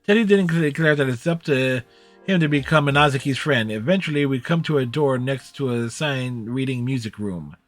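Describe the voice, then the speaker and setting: A man's voice: medium pitch, a little fast, no room sound, faint music behind. A man streaming a game, reading its story text aloud in the first person with small slips.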